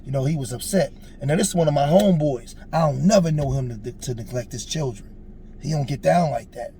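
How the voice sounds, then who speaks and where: Gravelly, earnest man telling a story. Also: mid-range voice, fairly quick, mellow. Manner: earnest, emphatic, preachy asides. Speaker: storyteller on a street interview show. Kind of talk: casual personal storytelling.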